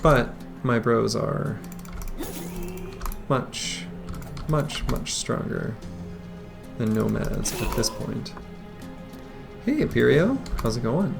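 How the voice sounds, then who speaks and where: A man's voice: mid-range voice, animated, slow, gravelly, pauses often. A man streaming a strategy game, chatting casually and greeting viewers as he plays. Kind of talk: casual live-stream chat. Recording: faint music behind.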